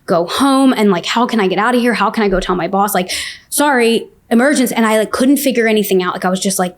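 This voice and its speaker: A young adult woman telling a personal story in casual speech, full of "like" and quick restarts. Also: mid-range voice. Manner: fast, filler-heavy telling with many "like"s. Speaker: guest sharing her story.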